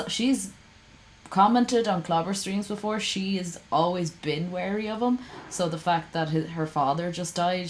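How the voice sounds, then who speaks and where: A woman's voice: fairly low pitch, a little hiss or hum, poor audio. A woman streamer giving casual reaction commentary to her chat, heated and ranting, swearing freely.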